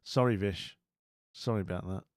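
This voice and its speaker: A low-voiced man streams casually at a normal speed, talking to viewers in a rambling, bemused way full of restarts and asides. The studio-quality recording is dry.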